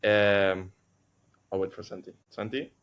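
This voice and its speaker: A man's voice: lowish voice, fairly even intonation, a little slow, a bit bright, lo-fi sound. A man from Chile with a Chilean accent, Spanish his first language, co-hosting a casual podcast chat and telling stories earnestly, with frequent restarts. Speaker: podcast co-host.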